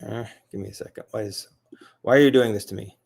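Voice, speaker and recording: A man hosting a casual crypto video, talking through his screen with excitable, rambling commentary, full of fillers and repeats. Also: lowish voice, fast, vocal fry, slightly rough.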